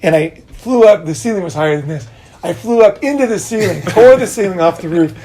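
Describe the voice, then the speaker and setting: A middle-aged man hosting a casual talk, telling animated stories with laughs and casual swearing. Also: high voice, brisk. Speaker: podcast host. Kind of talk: casual conversation, storytelling.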